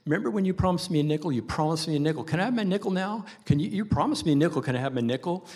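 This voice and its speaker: A man's voice: a little high, animated, darkish tone, pitched above the performer's own voice. A man voicing a whiny, insistent little girl who nags her dad over and over. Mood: whiny, pleading. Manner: nagging, repeats herself fast.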